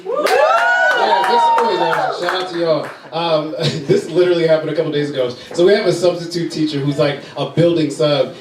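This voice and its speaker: A man's voice: mid-range voice, background noise. A young man doing a loose, rambling stand-up set with a lot of swearing and filler words. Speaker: stand-up comedian. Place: comedy club stage. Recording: echoey room from far off, crowd laughter. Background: audience laughing.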